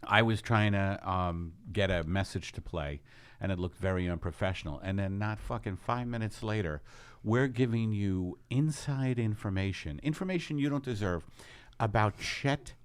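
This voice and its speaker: A man hosting a comedy podcast with a New York accent, excitable and profane, jumping to loud bursts. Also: fairly low pitch, moderate pace, smooth. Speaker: podcast host. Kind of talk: comic podcast banter.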